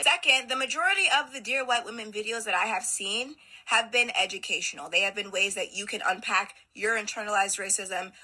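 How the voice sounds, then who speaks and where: A woman's voice: mid-range voice, bright, forceful tone, low-quality recording. A woman hosting a reaction commentary video, roasting clips with sarcastic quips.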